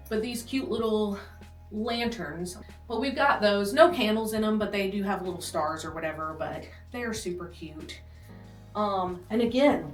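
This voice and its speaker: A woman's voice: mid-range voice, distant mic. Chatty pregnant woman vlogging off-mic. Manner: chatty, self-deprecating, rambling with fillers. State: pregnant, out of breath. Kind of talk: casual nursery tour vlog. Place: small nursery room at home. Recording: roomy, from off-mic, with faint music. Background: air conditioner hum and faint music.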